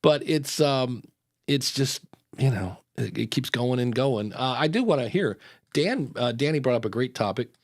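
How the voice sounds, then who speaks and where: A man's voice: mid-range voice, expressive, moderate pace, dry recording, studio quality. A man hosting a live podcast in casual chat, rambling into tangents with lots of fillers. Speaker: podcast host.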